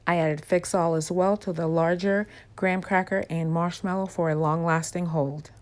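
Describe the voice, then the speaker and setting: A woman narrating a crafting tutorial, calmly explaining each step. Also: fairly low pitch, moderate pace, faint music behind. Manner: calm, explaining steps.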